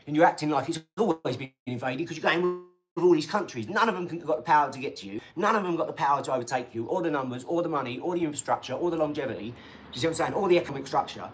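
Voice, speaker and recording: A man's voice: on the high side, rapid-fire, soft background music. Rambling man in casual chat. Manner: rambling, boastful and excitable, with frequent tag questions. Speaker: channel host reading viewer comments.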